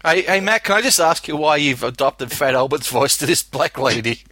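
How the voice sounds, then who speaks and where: Man, podcast host, bright tone, dry close recording, teasing banter. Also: a little high, animated, moderate pace, no echo. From Australia. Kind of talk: casual podcast chat.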